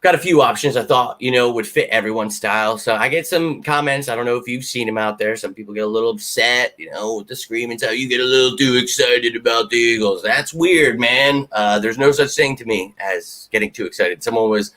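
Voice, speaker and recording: A man hosting a live fan Q&A stream, excitable and rambling, swearing freely as he answers viewers. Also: medium pitch, brisk, hardly any pauses. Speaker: fan channel host. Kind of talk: live Q&A chat.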